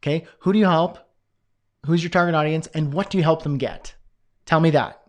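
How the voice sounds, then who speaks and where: A man's voice: a little high, a little fast. A man from Canada with a Canadian accent, hosting a live Q&A call. He reads chat comments aloud and rambles and jokes, with lots of fillers. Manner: rambling and jokey, with many fillers. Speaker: course host and coach.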